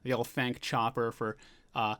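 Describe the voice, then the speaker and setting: A man talking through a manga chapter in an easygoing, rambling recap. He paraphrases scenes loosely and keeps the flow going with a mid-range voice that is neither high nor low. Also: flat delivery, unhurried, a bit bright, clean tone. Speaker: manga reviewer.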